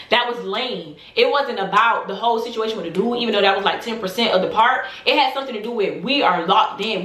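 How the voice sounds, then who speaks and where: A woman in her twenties telling a storytime tale to her vlog audience, animated and emphatic, full of slang. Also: a little high, reverberant. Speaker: vlogger.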